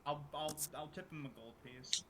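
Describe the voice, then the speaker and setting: A man's voice: on the high side, fairly even intonation, normal speed, fairly bright tone, a little hiss or hum. A man playing a tabletop game who talks in a casual, joking way. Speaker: player. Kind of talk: casual chat.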